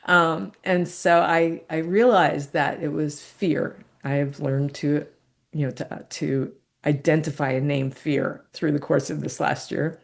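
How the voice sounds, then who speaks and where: A middle-aged woman, a podcast guest, telling a personal story in a candid, reflective way and laughing softly between thoughts. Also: sits low, fairly even intonation, slow pace, creaky.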